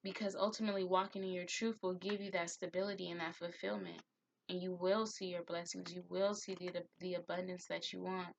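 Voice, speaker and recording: A woman's voice: on the low side, level tone, fairly quick, creaky, a little hiss or hum. A woman giving a spiritual tarot reading, heartfelt and encouraging, who admits to getting emotional. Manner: gets emotional. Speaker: tarot reader.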